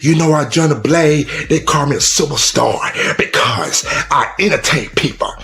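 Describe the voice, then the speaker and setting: A man cutting a wrestling trash-talk promo, swinging between shouted taunts and low whispers. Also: normal speed, gravelly, reverberant, faint music behind. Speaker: promo competitor.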